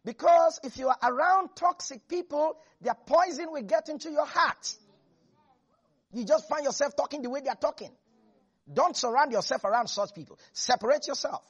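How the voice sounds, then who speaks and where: A preacher delivering an animated, humorous sermon to a congregation. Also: sits high, normal speed, highs cut off. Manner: animated, jokes and laughs with the congregation.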